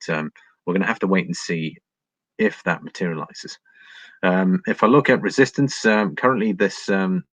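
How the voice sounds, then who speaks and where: A man's voice: low voice, no room sound, rough recording. An Englishman commentating on market charts in a casual livestream, thinking aloud with frequent ums and chatting to viewers. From England. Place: home, living in Ireland.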